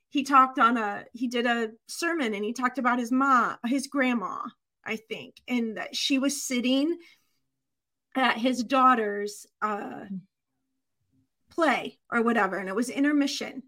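A woman co-hosting a podcast, telling a personal story in candid, animated conversation, from Michigan. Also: sits high. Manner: earnest, animated storytelling with quick asides. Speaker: podcast co-host.

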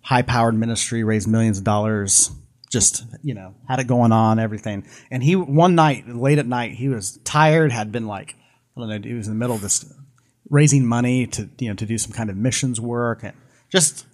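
A man's voice: mid-range voice, moderate pace. Rambling male podcast storyteller. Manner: rambling storyteller, many restarts. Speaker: podcast co-host.

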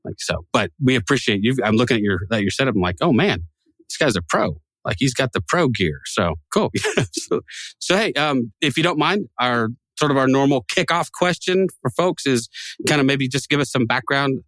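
A man's voice: medium pitch, animated, brisk, fairly bright tone, dry recording. Joking, rambling podcast co-host man. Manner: joking, rambling, laughs often. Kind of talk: casual chat.

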